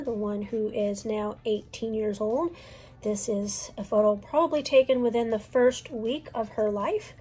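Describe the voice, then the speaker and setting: A scrapbooking channel host in her forties narrates a crafting tutorial, walking through every step in a chatty, explanatory way. Her mid-range voice is a little mellow with a breathy edge, and it sounds stuffy and faintly crackly from a cold.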